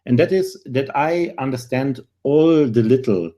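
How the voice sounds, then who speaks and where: A man in his forties with a German accent, presenting a live career webinar in an earnest way, with dry humor and frequent filler pauses. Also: mid-range voice, mellow. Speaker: webinar host, career recruiter.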